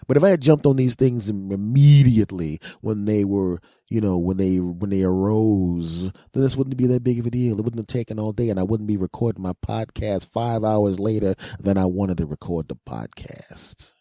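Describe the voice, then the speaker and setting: Deep-voiced man ranting comically. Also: normal speed, hardly any pauses, no echo, studio quality. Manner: whiny, self-mocking, animated storytelling. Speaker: podcast host. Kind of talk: comic monologue.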